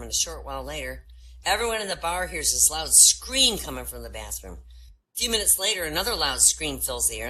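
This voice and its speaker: A woman comedian telling jokes in an animated storytelling manner, slipping into character voices, in an online voice room. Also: sits low, poor audio. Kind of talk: stand-up joke telling.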